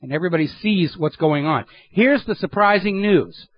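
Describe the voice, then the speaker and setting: A man's voice: sits high, lively intonation, moderate pace, highs cut off. Sardonic talk radio host, man. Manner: sardonic, emphatic commentary. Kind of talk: political talk radio monologue.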